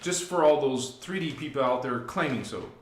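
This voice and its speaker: A man hosting a live spiritual talk, preaching emphatically to his listeners and swinging from hushed to loud. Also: mid-range voice, normal speed, echoey room, a little hiss or hum. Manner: preachy, addresses listeners directly. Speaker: spiritual channel host.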